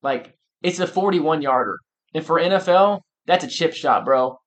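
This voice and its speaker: A man with a slightly high voice chats about sports on a podcast. He talks emphatically and with lots of animation, often restarting his sentences as he pushes his point. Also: normal speed, highs cut off. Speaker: podcast co-host. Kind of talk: casual sports chat.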